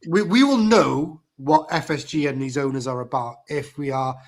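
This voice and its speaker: A man's voice: medium pitch, normal speed. A man co-hosting a live fan show, rambling and repeating himself as he gives heated opinions.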